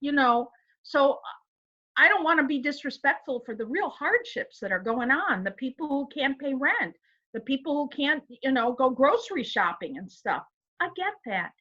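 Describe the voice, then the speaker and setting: High, bright woman on dull call audio. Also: big pitch swings, moderate pace. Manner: earnest and emphatic, asks rhetorical questions. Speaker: co-host. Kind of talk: casual inspirational chat.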